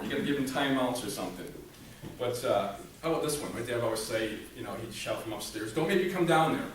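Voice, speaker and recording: A man giving a comedic motivational talk to a staff audience, joking and conversational, asking the room rhetorical questions. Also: mid-range voice. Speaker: motivational speaker. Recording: very echoey room, mic far off, background noise. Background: audience laughter.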